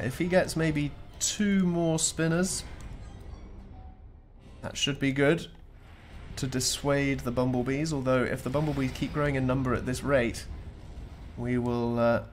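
A man's voice: medium pitch, fairly even intonation, normal speed, faint music behind. A man commentating a strategy game replay, chatty and joking with playful asides.

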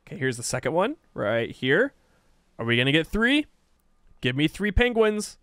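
A man's voice: fairly high pitch, big pitch swings, normal speed, fairly bright tone, dry recording, studio quality. A man casually commenting on his own strategy gameplay, chatty and self-mocking, laughing often. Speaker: game streamer.

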